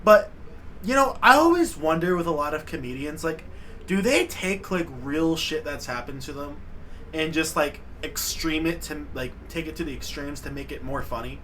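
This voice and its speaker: A man chatting casually as he reacts to a comedy clip, full of slang. His high, bright voice swings up and down with lots of expression. A faint noise sits behind him. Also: animated, normal speed, poor audio. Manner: casual slang, laughs a lot. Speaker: reaction video creator.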